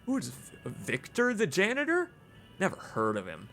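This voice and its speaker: A man casually commenting on a video game as he plays. He reads the in-game notes aloud and bursts into loud, exclaiming laughs at the jokes. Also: high-pitched, wildly swooping pitch, normal speed, faint music behind. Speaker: streamer playing a video game. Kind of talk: casual let's-play commentary.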